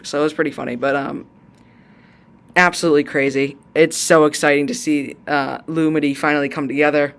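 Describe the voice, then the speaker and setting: A young man casually recapping a cartoon episode in an excitable, rambling way with lots of fillers, his voice strained from a long recording. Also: fairly high pitch, brisk. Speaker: YouTuber discussing a cartoon series.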